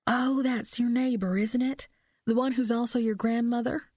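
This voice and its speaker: A woman reading a novel aloud, lifting her voice to play a friendly, curious older woman who sounds bright and inquisitive. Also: fairly high pitch, fairly even intonation, normal speed, no room sound, studio quality, voice pushed up, natural voice.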